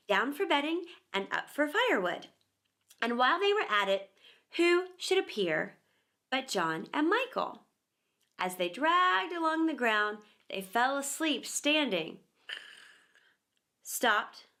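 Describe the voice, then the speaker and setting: A woman narrating a children's book aloud with expressive, animated storytelling. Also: high voice. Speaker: storyteller, actor and teacher.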